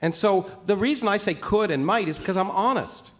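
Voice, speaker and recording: A man, a scientist, rebutting his opponent in a formal debate, insistent and quick to push back. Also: sits high, fairly bright tone. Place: debate stage in a large hall.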